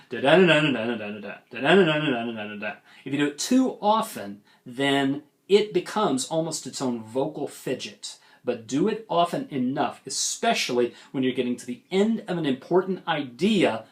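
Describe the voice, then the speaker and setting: Forensics coach, male, western US accent, measured and emphatic, mid-range voice. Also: mid-range voice. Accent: western United States. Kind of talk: lecture on debate delivery.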